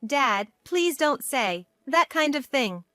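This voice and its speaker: A self-centered adult brother, read by a woman narrator in a family drama story. The lines come out plain and read-out, in a slightly high voice on a dry, close recording. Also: sing-song, slow pace, fairly bright tone, no echo, full character voice. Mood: pleading.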